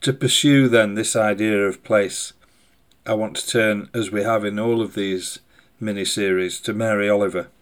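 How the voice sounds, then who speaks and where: A man hosting a podcast, speaking a slow, thoughtful spoken meditation with hesitant phrasing. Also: lowish voice, steady tone, clear, resonant tone. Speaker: podcast host. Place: indoors by a window in the rain.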